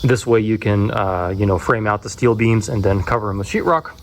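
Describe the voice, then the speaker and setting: A man casually walking through his house under construction, explaining framing problems in a rambling, animated way with many restarts. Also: lowish voice, brisk. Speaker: home builder filming his build. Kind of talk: walkthrough vlog.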